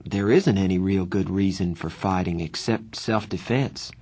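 A man narrating a novel aloud in the first person, with a low, husky voice. He tells the story in a plain, steady way. His reading stays even and unhurried. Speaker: audiobook narrator.

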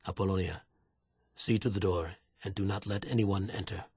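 A man reading aloud, voicing a stern, protective older brother with a low, measured, authoritative delivery. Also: fairly even intonation, darkish tone, husky, dry recording, full character voice.

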